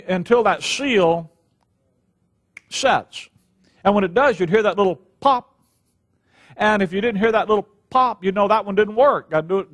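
An older man teaching the Bible in a sermon, reading scripture slowly and with emphasis, then drifting into folksy personal stories. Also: high voice.

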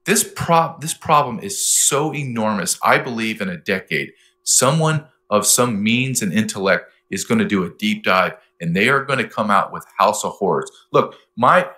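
A man guest in an interview speaks in a bright, forceful voice that swings widely in pitch. He tells his stories with animated emphasis, repeating his key points. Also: normal speed. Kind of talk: interview talk.

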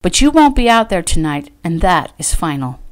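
An earnest young woman who speaks emphatically and stands her ground, voiced by a woman reading her own novel. Her voice sits a little higher than the narration, in a storybook reading. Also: very animated, moderate pace. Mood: emphatic. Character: young woman, worried and determined.

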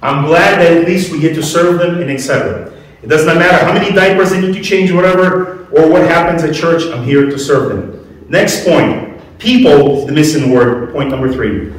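A man's voice: on the high side, moderate pace. A man preaching a sermon to a congregation in a conversational way, asking them questions as he goes. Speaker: pastor. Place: church hall. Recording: echoey room, mic at a distance.

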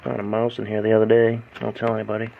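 A man's voice: lowish voice, monotone, very fast, vocal fry, narrow, tinny audio, background noise. A man filming his pets at home and in the yard, talking to them in a playful, teasing, sing-song way through the camera's own mic. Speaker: pet owner filming his animals. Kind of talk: casual talk to pets behind the camera. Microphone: handheld camera mic.

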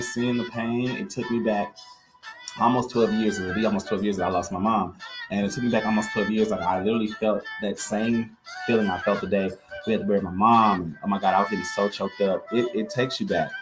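A man hosting a live-stream jewelry sale, chatty and upbeat and talking straight to his viewers, with soft music behind. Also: fairly low pitch, fairly even intonation, fairly quick. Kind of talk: live-stream sales chat.

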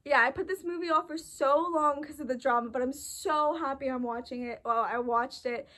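A young woman chatting casually about a movie, gushing and excitable, full of fillers. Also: high-pitched, normal speed. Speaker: movie reaction host. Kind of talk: casual chat.

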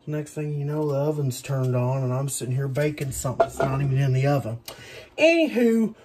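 A man's voice: medium pitch, little pitch movement, quick pace, very noisy. A man cooking in his home kitchen, chatting in a rambling, self-deprecating way with plenty of asides. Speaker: home cook. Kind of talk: casual cooking vlog chat.

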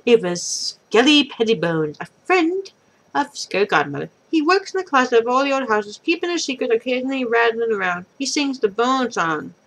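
A woman's voice: fairly high pitch, big pitch swings, normal speed, poor audio. Woman reading a children's story.

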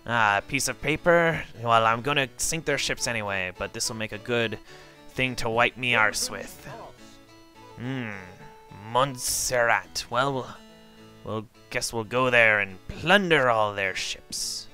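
A man's voice: mid-range voice, takes it slowly, pushed and bright, faint music behind. A man voicing a boastful, crude male pirate captain with brash, bawdy pirate talk. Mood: swaggering.

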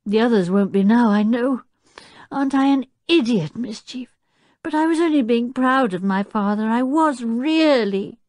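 Woman doing a high, eager young boy. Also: lively intonation, normal speed, darkish tone, no room sound, clean studio sound, natural voice. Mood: tearful. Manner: high, eager boyish speech turning tearful. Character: impulsive, proud young boy, easily upset.

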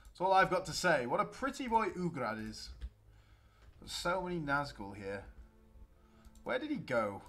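Young man, gaming commentary, animated, fairly high voice, excitable. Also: moderate pace, pauses often, faint music behind. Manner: excitable, chatty, talks to the game units. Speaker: let's play gamer. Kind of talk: gameplay commentary.

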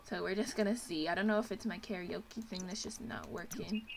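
A woman's voice: medium pitch, steady tone, brisk, vocal fry. A young woman hosting a casual let's play, gushing and chatty as she comments on her game.

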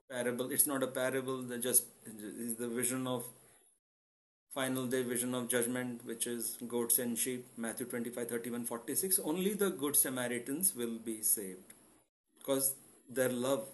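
A man's voice: mid-range voice, rough recording. A man giving an impassioned, sermon-style Bible teaching as the presenter of an online church. He speaks emotionally and asks rhetorical questions, then answers them himself.

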